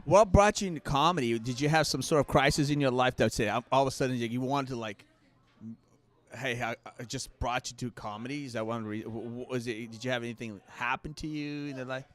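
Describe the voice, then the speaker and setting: A man's voice: mid-range voice, brisk. Rambling man co-hosting a podcast. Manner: rambling, stumbling storyteller. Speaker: podcast co-host. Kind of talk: casual bar podcast chat. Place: bar.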